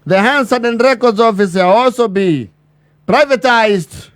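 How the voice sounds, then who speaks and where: A man with a very high-pitched voice performs a send-up of a formal speech, posing as a self-important chairman. Bureaucratic phrasing and prolonged pauses mark his delivery.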